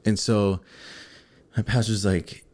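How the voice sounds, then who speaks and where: A man with a slightly low voice co-hosts a relaxed talk show. He tells a personal story straight to the viewers and acts out every scene as he goes. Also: slow pace. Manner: animated, acts out scenes and quotes. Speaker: co-host.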